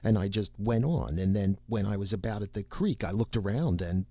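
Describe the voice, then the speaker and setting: A man's voice: on the low side, brisk, no echo, dull audio. A man voicing an anxious, defensive boy who stammers and hesitates, in an audiobook reading. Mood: evasive.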